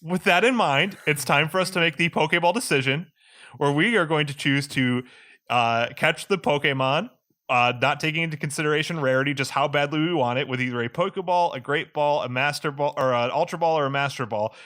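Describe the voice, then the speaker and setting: A man's voice: fairly high pitch, fairly quick, pushed and bright. A man co-hosting a podcast in casual chat, playfully leading the segments and reading out entries. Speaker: podcast co-host.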